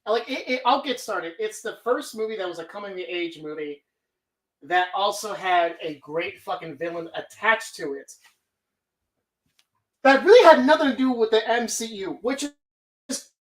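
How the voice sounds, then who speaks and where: A woman's voice: mid-range voice, lively intonation, normal speed. A woman hosting a live stream, talking casually in a rambling, profane way. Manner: rambling, heavy swearing. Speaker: streamer host.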